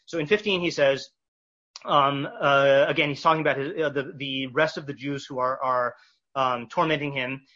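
Bright, husky man teaching a text class. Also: medium pitch, fairly even intonation. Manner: thinking aloud with fillers and restarts, reading verses slowly. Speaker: Torah teacher. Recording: dull lo-fi recording.

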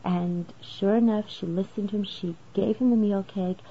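A woman gives a religious lesson, walking through the text and raising rhetorical questions as she goes. Her voice sits at a middle pitch. The recording is slightly dull and lo-fi, with a faint hiss underneath. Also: steady tone, moderate pace. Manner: explanatory, asks rhetorical questions. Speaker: Torah teacher.

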